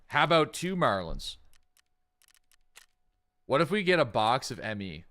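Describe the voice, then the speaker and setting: A man chatting casually while he streams a game, mid-pitched and unhurried. He thinks out loud, trailing off and circling back with lots of fillers. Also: big pitch swings. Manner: rambling, thinking aloud with many fillers. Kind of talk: casual live-stream gameplay chat.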